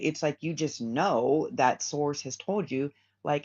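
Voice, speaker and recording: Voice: mid-range voice, lively intonation, normal speed. Rambling tarot reader, slightly muffled sound. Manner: rambling, repeats phrases, many fillers. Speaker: tarot reader, channel host. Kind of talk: casual spiritual reading to viewers. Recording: slightly dull lo-fi sound with faint hiss.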